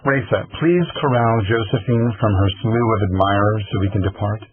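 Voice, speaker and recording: A man's voice: fairly low pitch, moderate pace, breathy edge, no room sound. A male audiobook narrator voicing a wealthy, composed, possessive man who speaks coolly and with assurance. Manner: cool, assured. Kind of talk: audiobook reading. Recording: tinny phone-like lo-fi recording.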